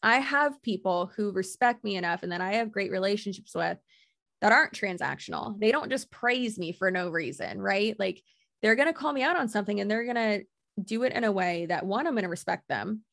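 Woman guest, casual chat, assertive and profane, gravelly tone. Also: mid-range voice, animated, brisk, fairly bright tone, no room sound, clean studio sound. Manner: blunt, assertive, swears freely, laughs often. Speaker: guest content creator. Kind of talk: casual podcast conversation.

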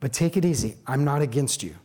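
A preacher voicing Jesus as a gentle, loving teacher, soft, measured and reassuring. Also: medium pitch, expressive, slightly rough, voice pushed down.

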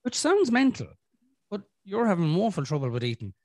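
A man's voice: high-pitched, wildly swooping pitch, fairly quick, darkish tone, no echo. An Irish man hosts a casual podcast chat in a slightly raised voice. He talks frankly, swears freely and trips over restarts. A throaty cough lingers from a chest infection, and the sound is dry and close. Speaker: podcast host.

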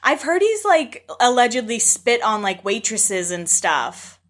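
A woman's voice: fairly high pitch, big pitch swings, a little slow, fairly bright tone. Playful woman podcast host. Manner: playful, gossipy questioner. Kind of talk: casual chat.

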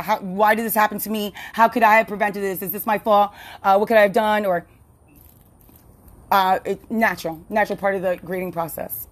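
A woman hosting a casual solo podcast, rambling with frequent laughs, restarts and fillers. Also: mid-range voice. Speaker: podcast host.

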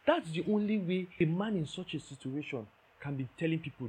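A man's voice: on the high side, animated, fairly quick, a little mellow, slight background noise. A man preaching a sermon, emphatic, repeating key phrases and checking that listeners understand.

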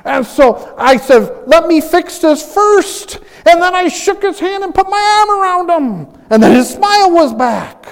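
A man preaching a sermon as pastor, animated and acting out the voices of people he quotes, chuckling often. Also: extremely high pitch, vocal fry, long reverb tail.

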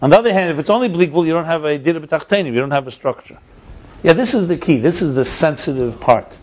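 A man's voice: fairly high pitch, animated, quick pace, a little mellow. Emphatic man teaching, lo-fi sound. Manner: emphatic, repeats key points. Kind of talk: conversational teaching. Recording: dull lo-fi recording.

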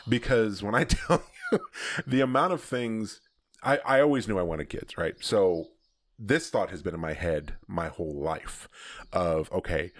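A man's voice: low-pitched, animated, measured pace. A man hosting a podcast, telling a candid personal story in a casual conversation, often laughing as he talks. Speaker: podcast host.

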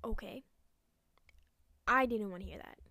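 A young woman hosting a solo podcast, ranting angrily with lots of swearing and some hushed, whispered asides, recorded at home. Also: mid-range voice, unhurried, no room sound, studio quality. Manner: angry, profane, dips into hushed asides. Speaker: podcast host. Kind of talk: casual solo podcast rant.

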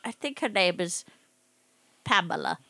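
A woman's voice: lowish voice, expressive, unhurried, gravelly, pushed and bright. A playful, giggly woman improvising on a comedy podcast.

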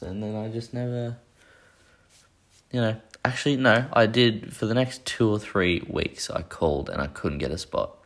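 Casual podcast host: young guy, deep and gravelly, rambling and self-mocking. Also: moderate pace. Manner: rambling, profane, self-deprecating. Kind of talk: casual solo chat.

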